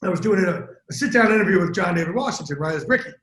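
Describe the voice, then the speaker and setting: Animated storytelling man, echoey room. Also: sits high. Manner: animated, profane, fast-talking storyteller. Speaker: interview guest, sports broadcaster. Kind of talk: casual storytelling chat.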